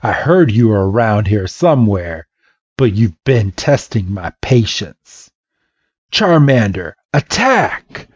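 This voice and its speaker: A man's voice: on the low side, animated, slow, a little mellow, breathy edge, no echo, full character voice. A man voicing a cocky, condescending boy rival in a smug, taunting manner. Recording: dull lo-fi podcast mic.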